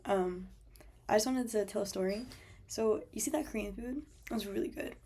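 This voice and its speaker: A woman's voice: mid-range voice, moderate pace, warm tone, a little hiss or hum. A young woman telling a travel story as a voice-over, chatty and full of fillers. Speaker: travel vlogger.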